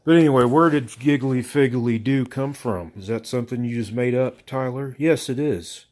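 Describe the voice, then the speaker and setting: A comedian from the Southern United States tells a rambling, profane, self-mocking story to camera, full of filler, as a casual monologue. His mid-range male voice is a little mellow and moves at normal speed.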